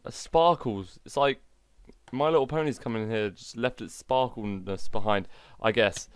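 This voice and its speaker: Gaming host, excitable, self-mocking mod showcase commentary, dry close sound. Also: male voice, medium pitch, no room sound.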